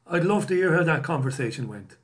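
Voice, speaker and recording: A man's voice: fairly high pitch, expressive, brisk. A man from Britain hosting a casual live stream, reading out viewer messages and greetings with sardonic, self-mocking asides and free swearing. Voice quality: bald, self-described poor at accents. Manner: sardonic, swears freely, laughs at himself.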